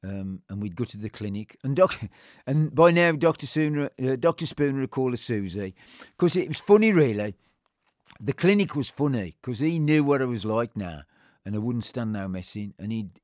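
A man's voice: medium pitch, a little mellow, dry recording. Man reminiscing, dry close sound. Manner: rambling, heartfelt storytelling with frequent restarts. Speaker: interviewee. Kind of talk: personal reminiscence.

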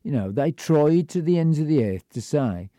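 A man's voice: fairly high pitch, animated, normal speed, warm tone, dry recording, clean studio sound. An older man tells a rambling, blunt and self-deprecating story about his childhood. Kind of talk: personal storytelling monologue.

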